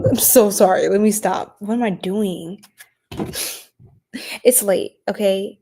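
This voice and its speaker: A tired woman giving a late-night live stream tarot reading, chatting playfully in slang and often dropping into soft whispers. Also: mid-range voice, steady tone, normal speed, gravelly, pauses often, slightly rough. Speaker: tarot reader.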